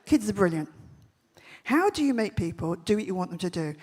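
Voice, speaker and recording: A woman giving a comic keynote talk on stage, telling punchy stories with quick, brash jokes. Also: mid-range voice, big pitch swings, a little mellow, breathy edge. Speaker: festival speaker. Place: large event stage.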